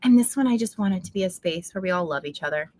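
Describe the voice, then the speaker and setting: A woman's voice: lowish voice, animated, fast talker, darkish tone. A woman hosting a casual livestream, earnest and affirming as she reflects and thanks her viewers. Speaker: livestream host. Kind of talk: casual live chat reading comments.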